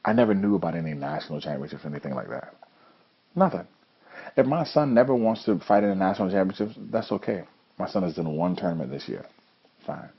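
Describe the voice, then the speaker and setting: Husky deep-voiced man with motivational talk. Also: lively intonation, fast talker. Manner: earnest storytelling. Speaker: judo coach and host. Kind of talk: motivational monologue. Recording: dull lo-fi recording.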